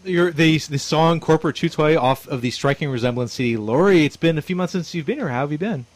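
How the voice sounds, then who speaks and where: Brief: male radio host, eager, chuckly, mid-high voice, close dry studio mic. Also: fast, no echo. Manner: excitable, chuckling often. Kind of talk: casual radio interview.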